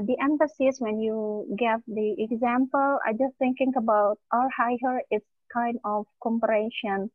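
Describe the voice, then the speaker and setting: A woman's voice: on the high side, dry recording. A woman, a student asking a question in an online class, apologetic and hesitant. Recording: tinny phone-like line.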